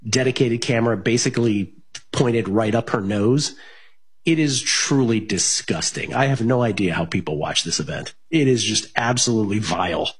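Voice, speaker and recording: A man's voice: fairly low pitch, normal speed, husky. A man hosting a sports betting radio show, talking casually with plenty of fillers and restarts. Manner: rambling, many fillers and restarts.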